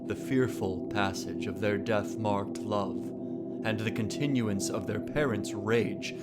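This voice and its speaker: A man performing a dramatic verse recitation in a measured, deliberate, stately way. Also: on the low side, fairly even intonation. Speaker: reciting actor. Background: loud instrumental music.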